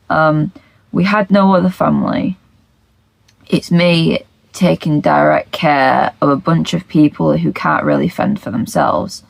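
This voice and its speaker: A woman reading confession posts aloud and reacting bluntly, with frequent swearing and soft, half-whispered asides. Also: low voice, gravelly, dry recording, poor audio. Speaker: reddit story reader.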